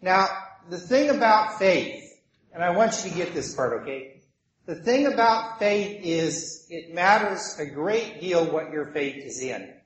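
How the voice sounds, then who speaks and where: Slow, animated preacher man in an echoey room. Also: high-pitched. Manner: animated storytelling with acted voices. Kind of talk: sermon.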